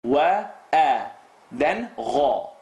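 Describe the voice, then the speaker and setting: A man teaching Quran recitation rules, reciting verses and repeating sounds slowly to correct students. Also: a little high, very animated, creaky, a little mellow, echoey room, lo-fi sound. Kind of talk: tajweed lesson with recited demonstrations.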